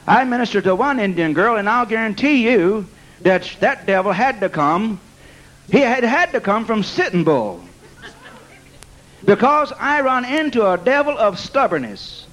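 A man with a notably high-pitched voice preaches a storytelling sermon. He sprinkles amen, bless God and praise God through his testimony and laughs along with his own story. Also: very animated, unhurried, fairly bright tone, poor audio.

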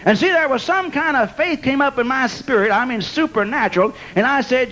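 A man's voice: very high voice, a little fast, few pauses, low-quality recording. A man preaching a sermon, telling a testimony and peppering it with amen and bless God. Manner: animated testimony, laughing at his own story. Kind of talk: storytelling sermon.

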